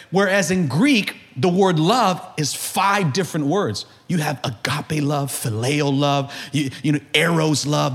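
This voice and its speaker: A male pastor preaching a sermon in an animated way that builds to shouting. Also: on the high side.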